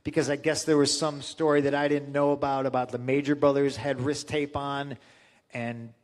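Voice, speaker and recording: A man's voice: mid-range voice, moderate pace. A man as an interview guest, telling stories casually with lots of swearing and fillers. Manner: profane, animated retelling with lots of fillers.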